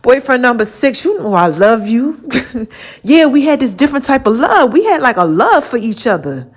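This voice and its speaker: A woman hosting her own podcast, telling a personal story in a chatty, animated way, acting out both sides of old conversations and calling her listeners baby and child. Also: fairly high pitch, normal speed. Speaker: podcast host. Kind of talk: casual storytelling monologue.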